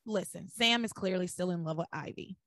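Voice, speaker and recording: A young woman casually recapping soap opera episodes as a podcast host, acting out the characters' lines in lowered voices. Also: a little fast, no room sound. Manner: animated storyteller acting out dialogue in lowered voices. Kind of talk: casual chat.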